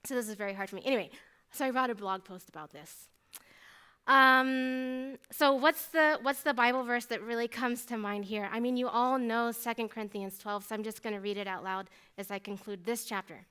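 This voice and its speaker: A woman in her thirties, a mathematician giving a faith testimony talk, telling her story in an animated, chatty way with many asides. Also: on the high side, moderate pace, smooth.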